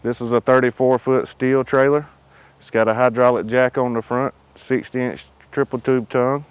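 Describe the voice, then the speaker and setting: A man's voice: medium pitch, steady tone, normal speed, clear, resonant tone. A man walking viewers around and inside a cargo trailer, listing its features in an easygoing, matter-of-fact way. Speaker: trailer salesman giving a product walkthrough. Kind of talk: casual product tour.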